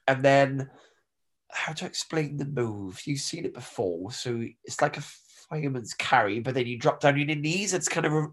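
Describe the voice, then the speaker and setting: A man in his thirties from the UK, hoarse from pollen, co-hosting a podcast in jokey, rambling casual chat. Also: fairly high pitch. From United Kingdom. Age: 30s. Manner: jokey, rambling wrestling fan. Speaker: podcast co-host.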